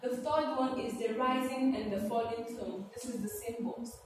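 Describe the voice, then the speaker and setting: A woman's voice: a little high, moderate pace, a little mellow, a little hiss or hum. A woman teaching a Chinese language lesson, patiently repeating key phrases and asking viewers to repeat them. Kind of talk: classroom-style lesson. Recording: echoey hall from a distant mic.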